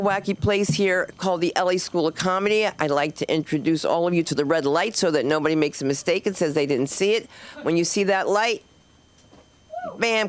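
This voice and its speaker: A woman's voice: medium pitch, smooth, no room sound. A middle-aged woman hosting an open mic, telling loose, digressive stories on a comedy club stage into a handheld mic and acting out the people in them. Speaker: stand-up comic and host. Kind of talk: rambling stand-up set.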